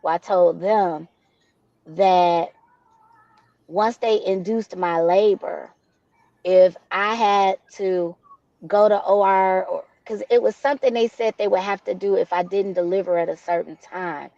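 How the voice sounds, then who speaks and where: A woman's voice: mid-range voice, fairly even intonation, a little slow, warm tone, no echo. A woman from Detroit, speaking as a guest in an interview, telling a personal story in a candid, heartfelt way. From Detroit, USA. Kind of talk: interview conversation. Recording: dull, dry lo-fi audio.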